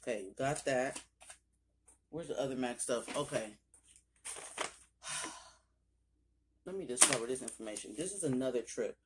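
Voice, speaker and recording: A young woman filming a casual makeup haul, talking straight to her viewers with loose slang and cursing, and breaking into sudden high exclamations. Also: unhurried, pauses often, background noise. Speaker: beauty vlogger.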